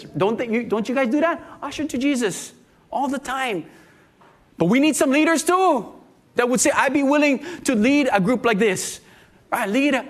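Middle-aged pastor, sermon delivery, high voice, animated storyteller. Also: male voice.

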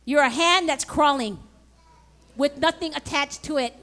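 Woman pastor with a high voice, preaching emphatically with call-and-response. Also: unhurried, fairly bright tone. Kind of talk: sermon.

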